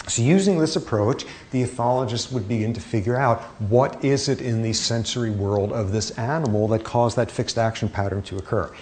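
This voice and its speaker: Middle-aged male lecturer, animated, wry and joking, medium pitch, light background noise. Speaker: university lecturer. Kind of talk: classroom lecture.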